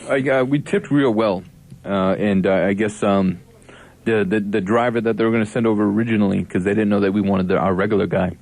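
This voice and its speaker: A man's voice: lowish voice, steady tone, a little fast, a little mellow, no room sound. A man co-hosting a campus radio show, joking around and rambling with lots of fillers and restarts. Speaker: college radio co-host. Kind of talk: casual on-air banter.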